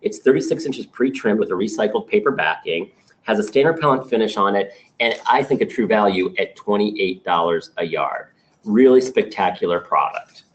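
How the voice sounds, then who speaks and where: A man with a lowish voice walks his sales team through a product launch in a meeting, upbeat and detail-heavy, now and then restarting a phrase. The sound is dull and lo-fi, like a basic meeting recording. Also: lively intonation, moderate pace. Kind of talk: business meeting presentation.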